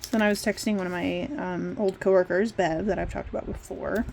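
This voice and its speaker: A woman's voice: medium pitch, steady tone, brisk, vocal fry, a little mellow, a little hiss or hum. A woman chatting casually and candidly while decorating her planner at home, rambling a bit and swearing now and then. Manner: rambling, candid, mildly profane. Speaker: planner vlogger.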